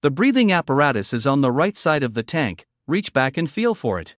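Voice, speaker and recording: A man voicing a calm young male diver who leads and instructs his group. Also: a little high, brisk, dry recording, clean studio sound. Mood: urgent.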